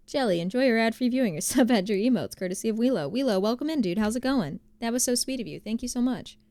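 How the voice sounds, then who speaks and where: A woman's voice: a little high, animated, quick pace, warm tone, no echo. A young woman from New Jersey, streaming and chatting casually with her viewers, rambling with lots of fillers. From New Jersey, USA. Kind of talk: casual chat reading viewer messages.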